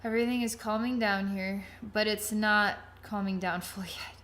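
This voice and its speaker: A woman's voice: medium pitch, steady tone, normal speed, fairly bright tone. A woman giving a psychic healing reading, vivid and dramatic, thinking aloud with frequent restarts. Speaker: psychic reader.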